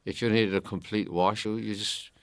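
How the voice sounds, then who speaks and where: An older man from Ireland giving an audio commentary, halting and repeating words as he recalls his past. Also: lowish voice, fairly even intonation, dry recording. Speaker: film commentator.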